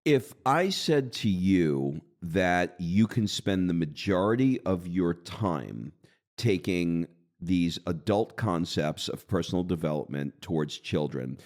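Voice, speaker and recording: A man co-hosting a podcast, explaining an exercise in a casual, coaching way and slowing down for deliberate readings. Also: sits low, darkish tone. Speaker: podcast co-host. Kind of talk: casual conversational teaching.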